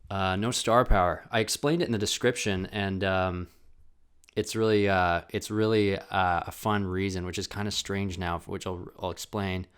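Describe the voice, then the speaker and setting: Recording at home on a desk camera mic beside a ring light, a young podcast host delivers a casual solo monologue. His low voice is smooth and fairly bright, with fairly even intonation and a moderate pace. He rambles, swears, and mocks himself.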